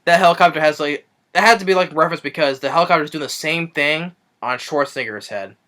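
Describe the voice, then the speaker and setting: A man with a bright, forward voice talks through a film's plot in a loose, casual review. He rambles eagerly, doubling back on words and piling up fillers as he recounts the scenes. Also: on the high side, fast talker. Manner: rambling, eager retelling with many restarts and fillers. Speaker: movie reviewer. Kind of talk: casual spoken movie review.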